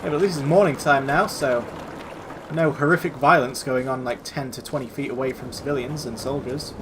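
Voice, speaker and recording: A man's voice: medium pitch, brisk, noisy background. A man streaming a video game, giving sarcastic, rambling, sweary commentary. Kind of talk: let's-play commentary.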